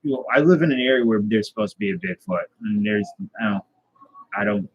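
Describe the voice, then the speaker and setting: A man hosting a casual live stream, rambling through a deadpan tall tale and chatting with viewers. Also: on the low side, a little fast, highs cut off, a little hiss or hum. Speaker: host.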